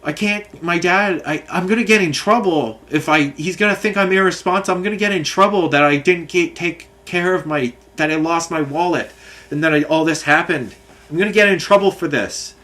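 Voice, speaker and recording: Guy putting on a scared little kid about to cry, higher pitched and stumbling. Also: a little fast, bright, forceful tone. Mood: fretful. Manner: fretful, stumbling, pleading. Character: upset twelve-year-old boy near tears.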